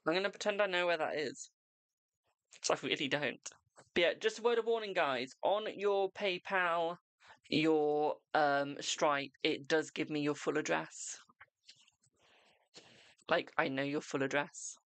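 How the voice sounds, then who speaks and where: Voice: mid-range voice, a little slow, pauses often, fairly bright tone, no room sound. A tarot reader hosting a casual live stream, chatty and self-mocking, swearing freely.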